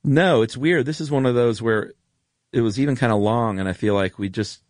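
A man's voice: mid-range voice, brisk, darkish tone, dry recording. A man, co-hosting a casual podcast chat, laid-back and enthusiastic, who laughs often. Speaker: podcast co-host.

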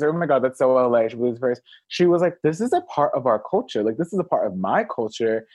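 A man guest on a podcast, chatting casually and telling stories with big acted-out quotes that jump high. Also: a little fast, no room sound. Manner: animated storyteller, acts out quotes in big high voices. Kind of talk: casual chat. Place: Los Angeles area.

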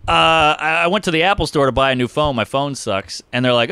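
A man's voice: on the high side, a little fast, clean tone, no room sound. A man who works as a stand-up comedian, telling stories in casual podcast talk, acting out other people's voices and swearing freely. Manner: animated, acts out other people's voices, profane.

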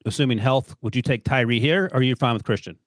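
A man's voice: medium pitch, quick pace, no echo. A man hosting a casual sports talk show, joking and steering the conversation. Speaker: podcast host.

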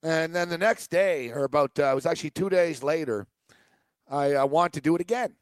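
A man's voice: a little high, brisk, no echo. A man co-hosting a sports radio show, telling a long, rambling story full of ums and uhs. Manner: rambling storyteller, many fillers and restarts. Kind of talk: casual sports radio banter.

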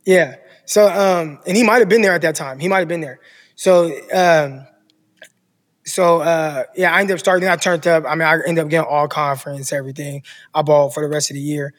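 Animated man telling a story, echoey. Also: on the high side, brisk. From Stockton, California. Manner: animated storyteller who acts out coaches' voices. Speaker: podcast guest, former football player. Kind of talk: casual storytelling.

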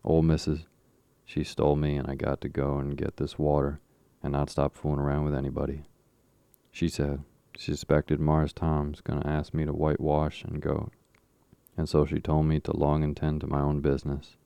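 A man's voice: rumbling low, monotone, normal speed, creaky, warm tone, smooth, dry recording. A man reading the part of a timid, fearful young boy who speaks in a rural dialect.

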